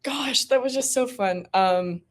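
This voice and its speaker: A woman's voice: fairly high pitch, measured pace. Bubbly young woman actor, laughing often. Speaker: actor guest. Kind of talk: casual interview chat.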